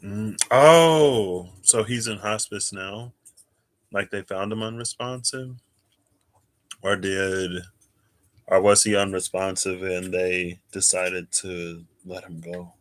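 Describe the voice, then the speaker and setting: His voice sits low, slow and fairly even as this American man hosts a casual tarot livestream. He thinks aloud while searching and reading chat, sleepy and often apologizing for his yawns.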